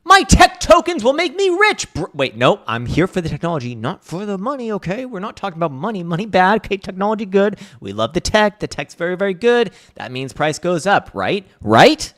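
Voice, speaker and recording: A man putting on the voice of a gushing, clueless crypto tech-bro investor, yelling with mocking, overblown excitement. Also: high voice, fairly quick, few pauses, voice pushed up.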